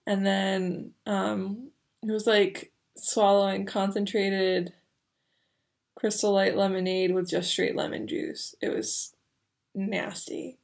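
A young woman chats to the camera in a loose, rambling vlog style, leaning on fillers as she tells her story. Her voice sits in a middle register with a noticeable gravelly fry at the ends of phrases. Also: medium pitch, a little mellow. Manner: chatty, rambling with many fillers. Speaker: vlogger.

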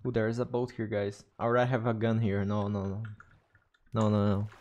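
A man's voice: fairly low pitch, flat delivery, a little fast, darkish tone, lo-fi sound, slight background noise. A man with a Brazilian Portuguese accent, streaming a game and chatting to viewers in English, often repeating and restarting his words. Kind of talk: casual gaming livestream chat.

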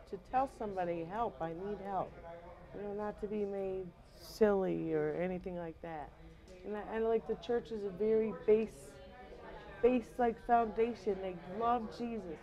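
A woman's voice: medium pitch, muffled recording. A woman guest in a casual community TV interview, talking eagerly and whooping now and then. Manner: excitable, whoops and laughs.

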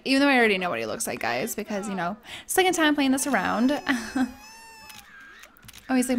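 A woman's voice: fairly high pitch, very animated, normal speed, pauses often, a bit bright. A young woman giving casual, bubbly let's-play commentary, gushing and chatting with her viewers and characters. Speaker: gaming YouTuber.

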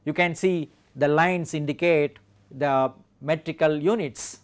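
A man with an Indian English accent giving a measured lecture on poetic meter and reading verse aloud with clear stress. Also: on the high side.

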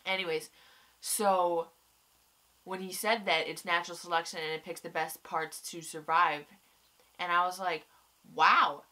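A young woman gives a rambling, excitable review of a TV episode in casual talk, swearing often. Her pitch is fairly low and her pace moderate, and she sounds weary and stuffy-nosed from crying.

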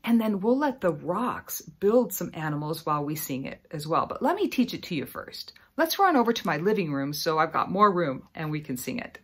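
In her living room, a woman teaches young children a Bible lesson, talking directly to them and breaking into song. Her low-pitched voice is very animated, cheerful and encouraging, moving at a moderate pace with few pauses.

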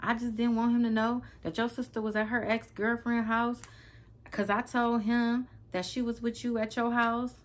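Woman doing her annoyed middle-aged mom, higher voice, quick, defensive. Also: little pitch movement, lightly acted. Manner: defensive, brushing off questions. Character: exasperated middle-aged mother, dismissive.

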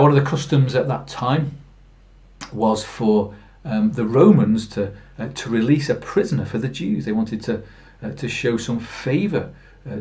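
A man's voice: medium pitch, warm tone. A man preaching a Good Friday sermon in plain storytelling, earnest, with fillers and restarts. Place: church.

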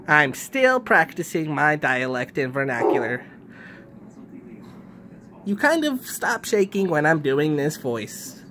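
Vlogger doing a loud slow radio dj voice, big drawn-out announcer delivery, noisy room. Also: medium pitch. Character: smooth-talking radio DJ host.

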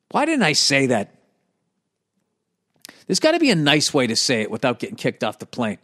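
A man's voice: fairly high pitch, very animated, normal speed, fairly bright tone. A male comedian telling a story as a profane, exasperated, rambling casual rant. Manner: rambling with restarts.

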